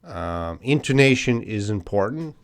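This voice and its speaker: A middle-aged Canadian man with a fairly low voice teaches English on a live stream. He speaks very slowly, answering chat questions one by one. He pauses often with ums and hmms while he thinks things through. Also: animated. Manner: slow, patient, stops to think with ums and hmms.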